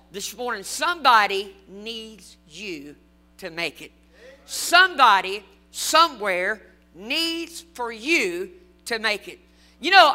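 A man's voice: very high voice, bright, forceful tone. A man preaching a fervent sermon, repeating lines and adding folksy asides.

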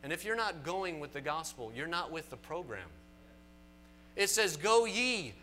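A man with a Southern US accent preaching a sermon to a congregation, animated and emphatic with folksy asides. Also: fairly high pitch, unhurried, soft background music. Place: church sanctuary.

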